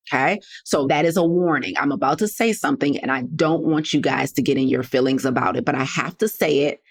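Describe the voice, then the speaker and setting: A woman hosting a motivational health podcast, talking to listeners in a sassy, direct, preachy way. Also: low-pitched. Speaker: podcast host and health coach. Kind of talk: motivational solo podcast talk.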